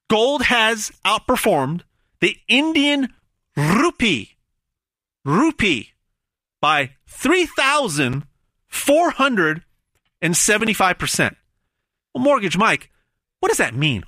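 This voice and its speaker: A man delivering a hard-sell gold pitch with a lively, swooping voice that is bright and forceful. He hammers words over and over, stumbles on restarts, and stretches out big numbers for effect. The sound is close and dry. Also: no room sound. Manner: emphatic, stammering repetitions, dramatic pauses on numbers. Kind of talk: hard-sell promotional monologue.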